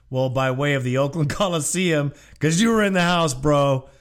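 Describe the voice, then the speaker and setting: A man hosting a call-in sports radio show, greeting callers in a friendly, casual way. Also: on the high side.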